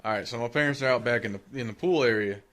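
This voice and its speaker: A man's voice: mid-range voice, rapid-fire, fairly bright tone. A man on a podcast telling a ghost story from his youth in a laid-back, swearing, casual way. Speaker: podcast co-host. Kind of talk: casual chat.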